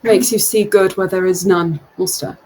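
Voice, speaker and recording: A woman voicing a secretive, nervous man in a cloak who pleads earnestly in halting confession, with a husky voice. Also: on the low side, fairly even intonation, darkish tone, poor audio. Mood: confessing.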